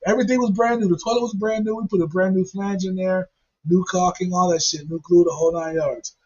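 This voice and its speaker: A man's voice: high-pitched, steady tone, fairly quick, breathy edge. A man casually telling a profane, funny story and laughing along as he goes. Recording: dull lo-fi recording.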